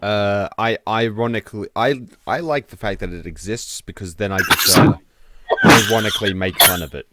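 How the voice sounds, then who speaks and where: A man's voice: fairly low pitch, normal speed, heavy background noise. A man streaming late at night, drinking and trading sweary, ironic banter with friends.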